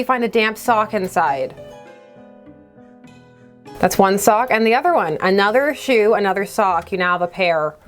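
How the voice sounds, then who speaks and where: A woman hosting a casual let's play, chatty and reading the game text aloud with wry asides. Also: mid-range voice. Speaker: gaming video host.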